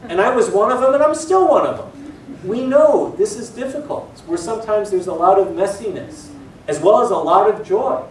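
High-voiced man lecturing in an echoey hall. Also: normal speed, a little hiss or hum. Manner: lively storyteller, self-deprecating humor. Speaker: priest giving a public lecture. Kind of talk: conversational public talk. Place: planetarium auditorium. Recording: echoey hall, mic at a distance.

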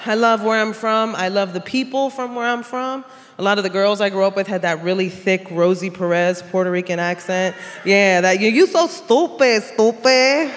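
A woman's voice: mid-range voice, steady tone, normal speed. A woman, doing a teasing, brash stand-up comedy set. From South Bronx, New York. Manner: brash, teasing, puts on characters' voices. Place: large theater stage with cheering audience. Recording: live stage sound in a big hall with a loud crowd.

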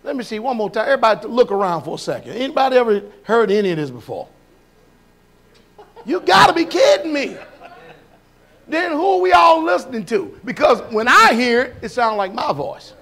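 High-voiced preacher man. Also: quick pace, hardly any pauses. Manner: folksy, animated, shouts and laughs; questions the congregation. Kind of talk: sermon.

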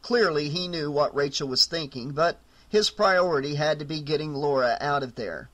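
Bright-voiced man narrating horror. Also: fairly high pitch, normal speed, few pauses. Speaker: audiobook narrator.

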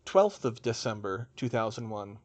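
A man reading a fantasy story aloud as its narrator, in an expressive style. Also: fairly low pitch, moderate pace, slight background noise. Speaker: audiobook narrator.

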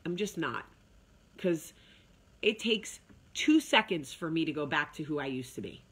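A woman speaks straight to her viewers in a casual, motivational talk. Her voice sits a little low, and her delivery is chatty and emphatic. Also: expressive, unhurried, fairly bright tone, husky. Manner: chatty, emphatic, with sung asides. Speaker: vlog host.

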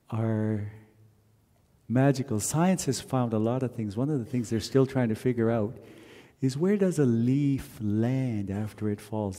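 A man from Canada leading a wedding ceremony, telling stories in a gently reflective way and now and then chanting verses. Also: lowish voice. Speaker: wedding officiant. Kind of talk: wedding sermon with sung verses. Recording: long hall reverb.

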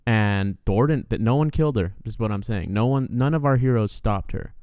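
A man's voice: on the low side, moderate pace, darkish tone, no room sound, clean studio sound. A man co-hosting a casual film podcast, opinionated and rambling, with lots of fillers. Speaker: podcast co-host. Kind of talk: casual film review chat.

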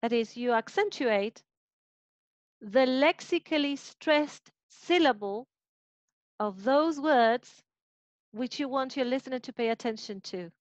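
A woman's voice: high-pitched, dry recording. A woman teaching phonetics in an online class, explaining step by step and rephrasing her points. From Argentina. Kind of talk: online lecture explaining intonation. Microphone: video call. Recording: muffled video call audio.

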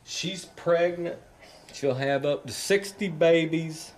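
A man's voice: fairly high pitch, slow pace, roomy sound, a little hiss or hum. A man who handles snakes, talking boldly and bragging that nothing scares him. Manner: boastful, bold, drawling.

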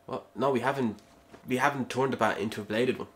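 A man's voice: medium pitch, fast talker. A man playing a video game and chatting casually with his co-host, laid-back and teasing. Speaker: let's play co-host. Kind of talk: casual gaming commentary.

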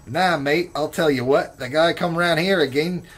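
A man voicing a rough-talking male Australian outback bloke with a put-on Australian accent, brash and threatening. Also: fairly high pitch, normal speed, close to an everyday voice. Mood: swaggering.

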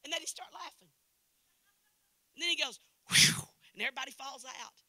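An older woman from Knoxville, Tennessee, preaches in a sermon, her East Tennessee Southern accent plain. Her voice sits high and cuts with a sharp, forceful brightness. The sound is dry, and she drives points home through repetition, moving from loud declarations to hushed asides. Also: fast, no echo. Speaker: guest preacher. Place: church service.

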